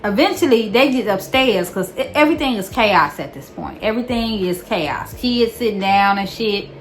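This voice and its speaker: Animated woman telling a storytime. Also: medium pitch, normal speed, soft background music. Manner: animated, swearing, repeats lines for emphasis. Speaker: vlogger. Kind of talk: casual storytime.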